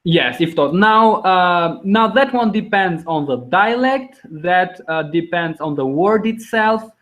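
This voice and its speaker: A man's voice: sits high, lively intonation, slow, a bit bright, rough recording. A man teaching a language over a video call, patient and encouraging, explaining step by step. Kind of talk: online class teaching.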